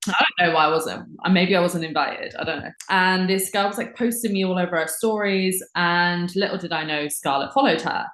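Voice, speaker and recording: A woman's voice: fairly low pitch, a little fast, hardly any pauses, fairly bright tone. Chatty London woman in echoey room. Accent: London English. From England. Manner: chatty, swears freely, many fillers. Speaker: podcast guest. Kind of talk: casual chat. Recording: roomy echoey sound.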